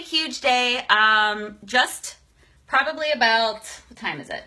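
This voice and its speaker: Bright, effusive woman live-streaming. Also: a little high, takes it slowly. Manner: effusive, greets viewers by name. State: emotional, shaky. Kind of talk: casual live stream chat.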